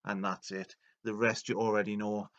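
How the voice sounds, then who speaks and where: A man retelling video game lore as a comedy, rambling and deadpan with many fillers. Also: lowish voice, moderate pace, lo-fi sound.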